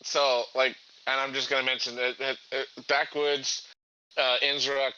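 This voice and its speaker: A man playing a tabletop game who keeps stumbling and repeating himself. His voice is sharp and bright, and comes through a dull, lo-fi mic. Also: mid-range voice, little pitch movement, clean tone. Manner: halting, stumbles and repeats words. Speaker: player. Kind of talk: casual tabletop game chat.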